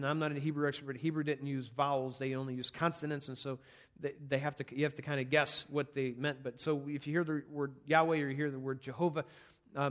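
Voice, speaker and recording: A man's voice: a little high, a bit bright. A man preaching an earnest, conversational sermon, walking through numbered points on a scripture passage. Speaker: pastor.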